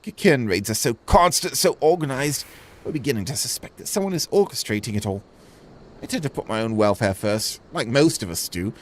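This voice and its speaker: A man's voice: mid-range voice, expressive, a little fast, natural voice. A man voicing an anxious, struggling small-time male merchant in a video game, speaking in a wheedling sales manner. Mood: confiding. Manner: wheedling, fretful sales talk.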